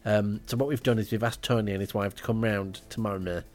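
A man's voice: fairly low pitch, fairly even intonation, fast talker. A man with a dry, rambling manner, telling a comic audio diary at home as podcast host. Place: indoors, front room at home.

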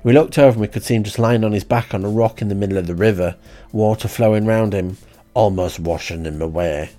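A man telling a comic diary story in a deadpan, rambling way. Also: on the low side, fast talker, soft background music. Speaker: comic diarist.

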